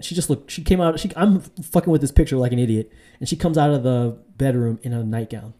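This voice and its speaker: Man, very mellow dark tone, rambling casual storyteller, lots of fillers. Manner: rambling, full of fillers and restarts, mimics women in a high voice. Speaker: vlogger giving dating advice.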